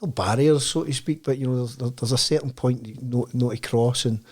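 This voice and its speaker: A Scottish man hosts the podcast interview, talking in a halting, supportive way and padding his thoughts with fillers. His voice has a husky edge and an ordinary pitch. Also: darkish tone. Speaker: podcast host.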